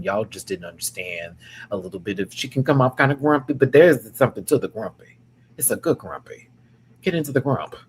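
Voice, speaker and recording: Hosting a laid-back reaction show, this man speaks with a Southern accent from the American South, lively, slangy and heavy on profanity. His voice is on the low side, with a little hiss or hum in the audio.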